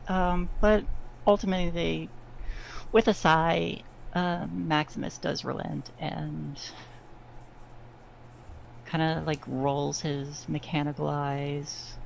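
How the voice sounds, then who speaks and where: Woman game master, low gravelly voice, halting narration, faint hiss. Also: fairly even intonation, rough recording. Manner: halting narration with many fillers.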